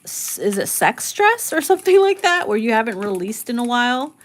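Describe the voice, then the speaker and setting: A woman's voice: on the high side, very animated, brisk. A woman giving a casual tarot reading, blunt and profane, laughing a lot and acting out quoted lines in slangy voices. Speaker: tarot reader.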